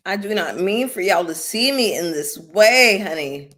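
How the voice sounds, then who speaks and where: A woman's voice: mid-range voice, expressive, unhurried, fairly bright tone. A woman hosting a casual commentary livestream. She is tipsy and swears heavily in a blunt, heated way. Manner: heavy cursing, blunt and heated. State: tipsy from drinking bubbly. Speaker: channel host.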